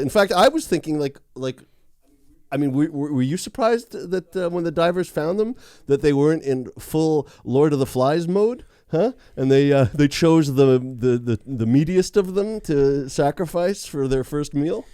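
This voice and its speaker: A man trades dry, deadpan jokes as a podcast co-host, his voice falling low and quiet on each punchline. The recording is close and dry, with no room sound. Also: moderate pace, no echo. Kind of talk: casual chat.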